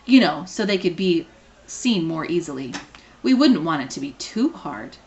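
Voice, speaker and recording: A woman's voice: deep voice, sing-song, normal speed, darkish tone. A woman doing a genteel little pterodactyl gent. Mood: chipper. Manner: genteel, courteous. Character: small polite male British pterodactyl.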